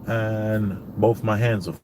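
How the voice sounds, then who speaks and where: A man's voice: fairly low pitch, steady tone, slow pace, noisy background. A man recording a casual vlog from his parked car, telling a long rambling story and replaying conversations with frequent "I says" asides. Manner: rambling, retells dialogue with many "I says" asides. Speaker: vlogger.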